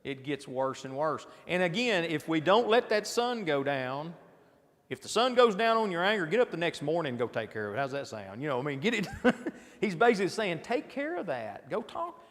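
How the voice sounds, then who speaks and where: A man leading a midweek Bible class in a church auditorium preaches informally, chatting with his listeners, asking them rhetorical questions, and often starting over mid-sentence. He sounds fairly high and bright, sing-song and a little fast, in a large hall.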